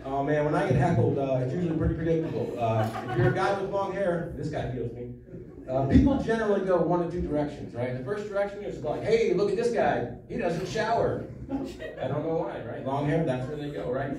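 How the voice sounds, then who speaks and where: A man's voice: fairly high pitch, animated, fast, noisy background. A man in his thirties doing a stand-up comedy set, wry and self-deprecating with mumbled asides. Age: 30s. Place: comedy club stage. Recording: echoey club, recorded from far. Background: audience laughter.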